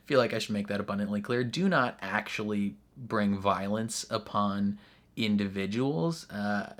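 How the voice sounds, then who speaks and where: A young man hosting a reaction video, talking casually and earnestly about a show's finale, with laughs and fillers along the way. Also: fairly low pitch. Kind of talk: casual post-episode discussion.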